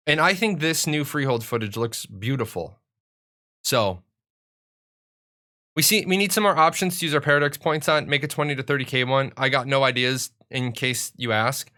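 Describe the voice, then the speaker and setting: A man's voice: medium pitch, sharp tone. A young adult man chatting casually and rambling on a live stream, joking about himself as he goes. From United States.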